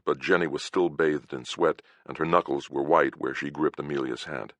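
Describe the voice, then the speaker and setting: Very deep, gravelly male narrator. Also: fairly bright tone, no room sound. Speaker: audiobook narrator. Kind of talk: first-person scripted narration.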